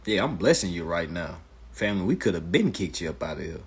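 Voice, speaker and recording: A man in his thirties hosting a casual live stream chat in an animated, preachy way, with loud exclamations and muttered asides. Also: low-pitched, fast, breathy edge. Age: 30s.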